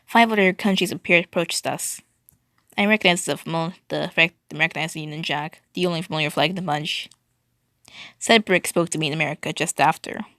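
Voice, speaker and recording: Woman, reading fan fiction aloud, stumbling, wry, low, gravelly. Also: a little fast, a bit bright, no echo, studio quality.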